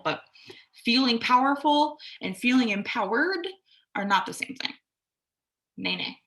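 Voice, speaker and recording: Animated and fairly bright, a young adult astrology and self-care podcaster speaks at a moderate pace in a mid-range voice. Her self-care talk is reflective, candid and casual, with occasional swearing and acted-out quotes.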